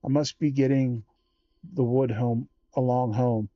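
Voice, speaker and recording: A man's voice: mid-range voice, steady tone, a little slow, no room sound, muffled recording, close to an everyday voice. A man reading aloud voices a polite young village boy from olden times, with old-fashioned speech.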